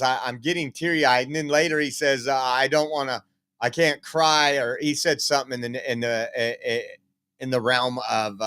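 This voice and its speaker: A man's voice: on the high side, a bit bright. A man giving casual political news commentary, reading out articles, emphatic and rambling with many fillers.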